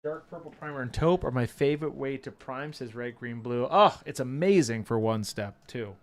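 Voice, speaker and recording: Mid-voiced guy reading stream chat out loud, jokey and teasing, easygoing. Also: mid-range voice, moderate pace. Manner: joking, teasing banter. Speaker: co-host reading viewer chat. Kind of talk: live-stream hobby chat.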